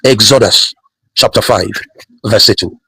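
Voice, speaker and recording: Husky emphatic male preacher. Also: on the low side, unhurried, sharp tone, dry recording, poor audio. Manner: emphatic, repetitive, rhetorical questions. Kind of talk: sermon.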